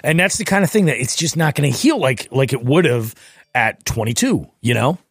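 Relaxed middle-aged man, rambling chat. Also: mid-range voice, fairly quick, husky, dry recording, studio quality. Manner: relaxed, rambling, easy agreement. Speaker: podcast co-host. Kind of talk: casual chat.

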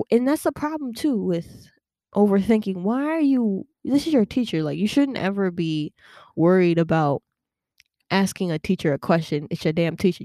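A young woman talks casually on her podcast, chatty and animated with plenty of fillers and quick laughs. Her voice is dark and mellow with a gravelly edge, recorded close and dry. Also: mid-range voice, dry recording. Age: young adult. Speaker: podcast host. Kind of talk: casual personal storytelling.

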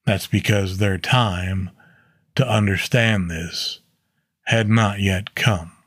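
A man's voice: lowish voice, fairly even intonation, takes it slowly, a bit bright, breathy edge, no echo, studio quality. A man teaching a Bible chapter in a casual, earnest way, stopping to correct himself and using fillers. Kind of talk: casual Bible study talk.

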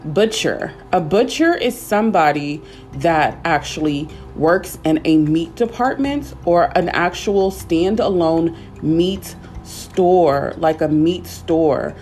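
A woman teaching a simple English lesson, speaking patiently and repeating words slowly for learners. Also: fairly low pitch, expressive, a little mellow, soft background music. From United States.

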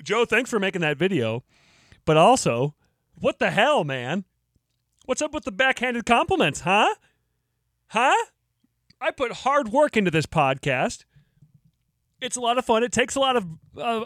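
Animated, joking podcast host man. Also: high voice, measured pace, pauses often, no echo, clean studio sound. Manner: jokey, mock-indignant, laughs at own jokes. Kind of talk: casual solo podcast talk.

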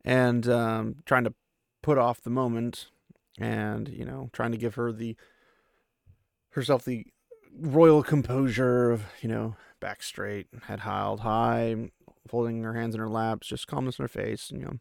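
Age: adult. Sex: man. Role: podcast host. Style: casual, rambling book recap with lots of fillers. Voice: mid-pitched, gravelly. Sound: dry. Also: steady tone, unhurried, a little mellow, no room sound. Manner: rambling and chatty, with many fillers.

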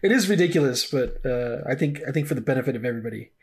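A man co-hosting a casual podcast chat, talking in halting restarts and laughing often. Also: medium pitch, expressive. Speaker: podcast co-host.

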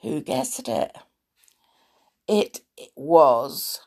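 A woman hosting a storytelling show, croaky from a sore throat, chatting playfully to young listeners. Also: on the low side, drawn-out words, pauses often. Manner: playful, animated, with gasps and little laughs.

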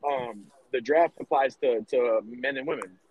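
A man's voice: medium pitch, a little slow, muffled recording, very noisy. A man in his thirties from the United States co-hosting a podcast, rambling and cursing as he argues his point. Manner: profane, rambling, emphatic. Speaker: podcast co-host. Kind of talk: casual podcast debate.

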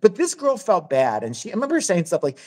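A woman's voice: fairly low pitch, huge pitch swings, quick pace, darkish tone. A woman hosting a podcast, telling a crude, blunt story in casual chat and swearing freely. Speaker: podcast host.

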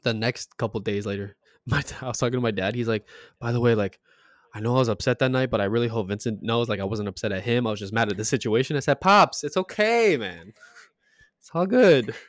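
Young man, low voice, dry close sound, animated and laughing storyteller. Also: fast, no echo. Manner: animated storyteller, laughs often, gets loud. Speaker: podcast co-host. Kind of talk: casual chat.

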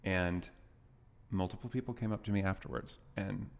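A man's voice: sits low, fairly even intonation, moderate pace, creaky, big-room sound. A young man co-hosting a podcast in casual, joking banter, recorded in the back of a gym. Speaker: podcast co-host. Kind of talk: casual chat.

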